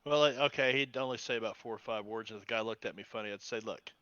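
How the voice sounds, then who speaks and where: A man playing a tabletop game who describes his character's actions in a bright, forceful voice. He hesitates and fills his pauses as he goes. The recording is dry and slightly dull, like a lo-fi mic. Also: mid-range voice, clean tone, no room sound. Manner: hesitant, full of uhs. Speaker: player.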